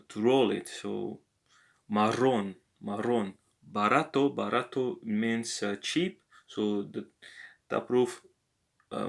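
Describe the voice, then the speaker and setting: A man tutoring a language lesson, talking slowly and hesitantly with many filler pauses. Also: lowish voice, gravelly. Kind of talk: screen-recorded app language lesson.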